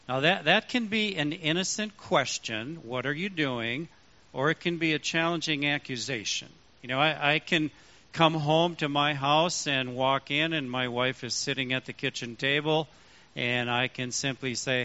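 A man, a pastor, preaching a sermon in an animated way, acting out the voices he quotes. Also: mid-range voice, unhurried. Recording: dull lo-fi sound.

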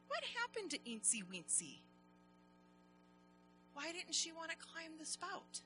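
A woman telling a story to children, animated and speaking directly to her young listeners. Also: sits high, normal speed, soft background music, rough recording.

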